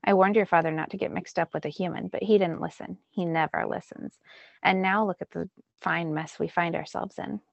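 A woman's voice: on the low side, steady tone, fairly quick, creaky, no room sound, dull audio. A woman voicing a brash adult male sea god who speaks in a cocky, offhand and impatient way.

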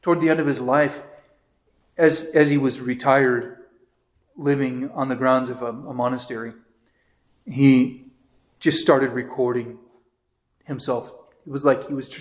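A man with an American accent, a priest teaching a catechism class in a conversational lecture style, telling anecdotes and reading passages aloud. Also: mid-range voice. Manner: conversational, tells anecdotes with quoted voices, reads passages aloud.

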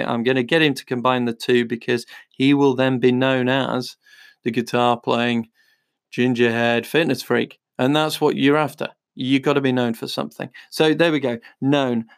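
A man's voice: mid-range voice, level tone, normal speed, smooth, no echo, clean studio sound. A man talking casually as a podcast host, recommending books in a chatty, rambling way with lots of fillers. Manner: chatty, rambling with fillers, reads blurbs aloud. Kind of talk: casual book-recommendation talk.

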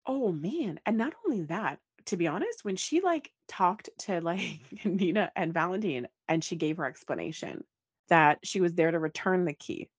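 A woman's voice: lowish voice, animated, moderate pace, husky, dry recording. A woman hosting a podcast, chatting casually and animatedly, often acting out lines with big swings in her voice. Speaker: podcast host. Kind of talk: casual chat recapping a soap opera.

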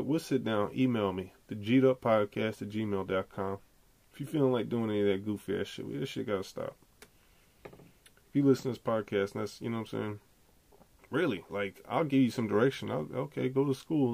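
A man hosting a podcast, delivering an animated, profane, slangy casual rant. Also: mid-range voice, creaky, no room sound. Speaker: podcast host.

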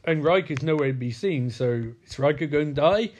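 A man's voice: fairly high pitch, lively intonation, normal speed, darkish tone, lo-fi sound, a little hiss or hum. A man giving a casual film recap in a crude, sarcastic, profane way.

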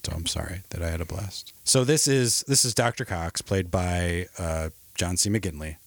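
A man's voice: low-pitched, normal speed, dry recording. A man in his forties co-hosting a podcast, cracking sarcastic jokes in casual banter. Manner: joking, sarcastic asides. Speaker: podcast co-host.

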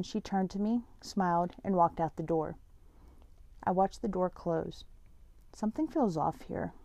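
A woman narrating a first-person story in a steady, earnest tone. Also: mid-range voice, vocal fry, no echo.

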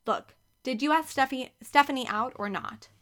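A woman voicing Carrie, a bossy, no-nonsense woman who talks in a brisk, scolding way. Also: high voice, a bit bright, voice pushed up.

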